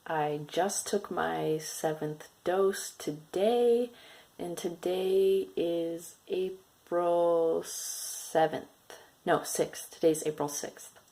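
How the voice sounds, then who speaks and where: A man's voice: a little high, extremely slow, vocal fry, warm tone. A man recording a casual video diary, speaking matter-of-factly. His voice is cracky. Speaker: vlogger.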